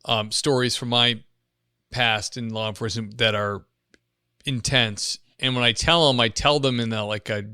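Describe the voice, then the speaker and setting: A man in his thirties hosting a casual interview podcast, an animated storyteller who acts out the lines he quotes. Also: mid-range voice, normal speed, smooth, no room sound, clean studio sound. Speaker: podcast host, former police officer.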